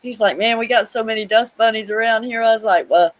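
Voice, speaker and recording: A woman's voice: on the high side, fairly quick. A woman in a casual chat, telling playful anecdotes full of quoted dialogue.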